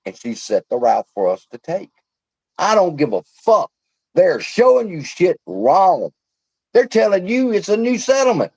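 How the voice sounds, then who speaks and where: A man's voice: fairly high pitch, darkish tone, no room sound, poor audio. A man hosting a livestream, ranting in a blunt, profane, fired-up way. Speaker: livestream host. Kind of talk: heated casual livestream rant.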